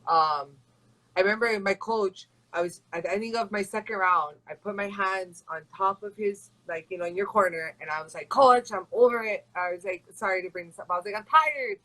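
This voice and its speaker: A woman's voice: fairly low pitch, fairly even intonation, fairly quick, pushed and bright, low-quality recording. A young woman from Hawaii, a fighter chatting in an interview with a rambling, casual flow. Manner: chatty and rambling, full of "like" and "you know". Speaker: MMA fighter and guest.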